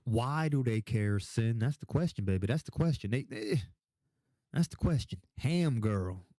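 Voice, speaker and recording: A man's voice: mid-range voice, lively intonation, measured pace, warm tone, no room sound. A tipsy young man hosting a casual livestream, rambling, swearing a lot and repeating himself as he answers chat questions.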